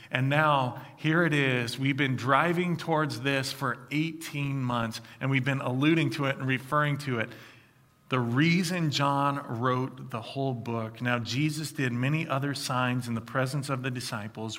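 A man preaching a sermon, reading scripture and then retelling it in a lively, conversational way with acted-out quotes. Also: high-pitched. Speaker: pastor.

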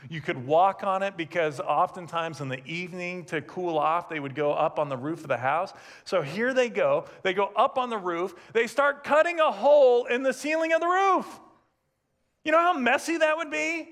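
A man preaching a sermon, telling a story in an animated way with humorous asides. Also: high voice, moderate pace. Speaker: pastor. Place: church sanctuary, also streamed.

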